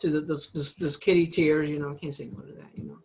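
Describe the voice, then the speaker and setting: A man from New York hosting a casual interview, telling lively work stories, acting out his coworkers' lines and laughing often. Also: a little high, fast, slight background noise. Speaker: host.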